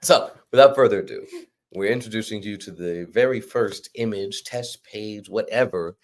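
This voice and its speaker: Low-voiced man rambling about comics. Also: moderate pace. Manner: rambling, self-correcting, laughs often. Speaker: comic publisher host. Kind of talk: casual livestream chat.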